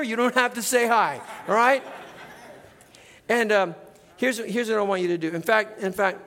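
A middle-aged male pastor preaching in a church, in a relaxed conversational way, often tagging "right?" onto his points. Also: sits high, big-room sound. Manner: conversational, keeps adding "right?". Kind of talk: sermon. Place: church sanctuary.

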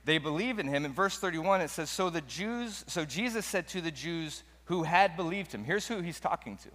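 A man's voice: a little high, animated, moderate pace, fairly bright tone, in a large hall. A man preaching a sermon as pastor, earnest and emphatic, often repeating his points.

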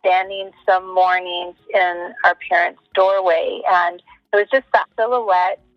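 A woman telling a personal story in a relaxed, thoughtful way. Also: fairly low pitch, unhurried, no room sound, dull audio, faint music behind. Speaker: podcast guest, psychic. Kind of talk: casual storytelling.

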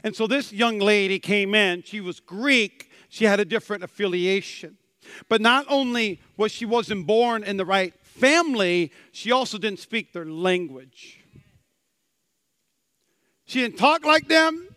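A man preaching a sermon as pastor, animated and acting out quotes with big swings in loudness. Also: high-pitched, unhurried, clear, resonant tone, no room sound.

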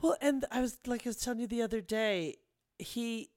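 A podcast co-host from the United States talks in a casual, enthusiastic way and laughs often. The voice is smooth and clear at a middle pitch. It is recorded close and dry. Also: normal speed, darkish tone, no echo. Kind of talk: casual chat.

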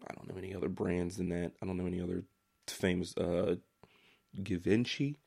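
A man's voice: a little fast, gravelly. A man from Maryland co-hosting a casual podcast, joking and teasing, often breaking into laughter. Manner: animated, jokey, breaks into laughs, lively pitch. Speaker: podcast co-host.

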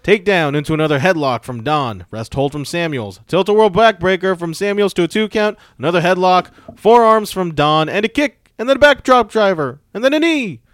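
A man's voice: sits high, brisk, few pauses, no room sound. Easygoing man recapping matches. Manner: relaxed, recaps match moves, dry asides. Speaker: podcast host. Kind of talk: casual recap chat.

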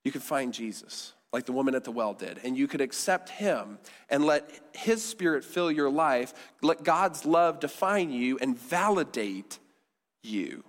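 A male pastor preaching a sermon in a conversational style, dropping softly on key words. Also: medium pitch, expressive, a little slow. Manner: conversational preaching, with quiet emphatic endings. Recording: long hall reverb.

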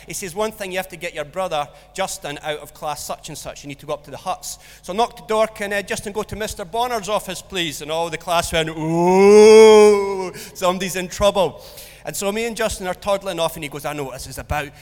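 A pastor in a church hall preaches a sermon, recounting a school story and acting out the voices with animated storytelling. His voice is high and quick, with few pauses, and the hall's long reverb trails after his words.

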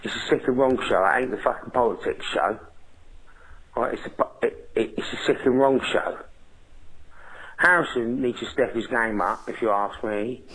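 Man, English accent, caller, gravelly, husky, crude, swearing. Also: medium pitch, moderate pace, a bit bright, rough recording. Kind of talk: phone call to a show.

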